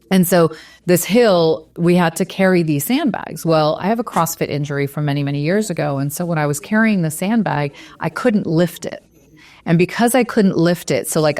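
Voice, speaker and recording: A low-pitched middle-aged woman speaks on a podcast, earnest and animated as she relives a moment, her voice close to tears. The sound is dry and close. She acts out what others said to her. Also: dry recording. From Las Vegas area. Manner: earnest, animated, retells dialogue. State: teary, near crying. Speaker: real estate broker, podcast guest. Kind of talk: emotional storytelling in an interview.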